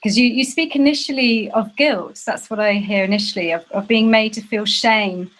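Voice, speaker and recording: A woman hosting a live-stream book event, speaking in halting sentences with frequent restarts as she praises a reading. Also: a little high, fairly bright tone, poor audio. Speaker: event host.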